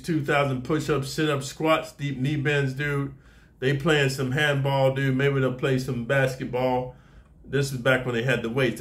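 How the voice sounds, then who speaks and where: A man giving a casual, profane monologue to camera in boastful street talk, speaking as a martial arts teacher. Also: mid-range voice.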